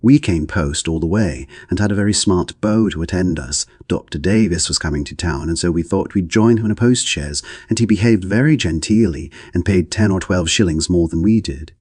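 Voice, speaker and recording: A man's voice: sits low, moderate pace, few pauses, a little mellow, breathy edge, no echo, studio quality. A man voicing a silly, simpering young woman with an affected manner in an audiobook.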